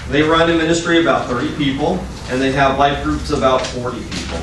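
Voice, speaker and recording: Halting man introducing a speaker. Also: medium pitch. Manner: halting, stumbles over the text. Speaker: meeting emcee introducing speaker. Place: meeting room. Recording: echoey room, distant mic, some noise.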